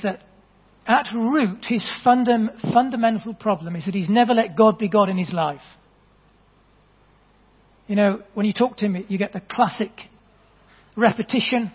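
A man preaching a sermon in an earnest, conversational storytelling manner, with gentle asides to the congregation. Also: high voice, moderate pace, pauses often, slightly rough. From England. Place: church hall. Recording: dull, long reverb in a church hall.

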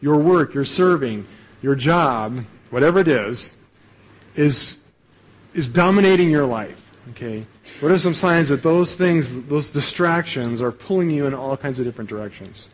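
A man's voice: a little high, lively intonation, normal speed, low-quality recording. A male pastor giving a sermon in a conversational way, often ending phrases with "right?" and restarting sentences. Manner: conversational preaching, frequent "right?" tags and repeated starts.

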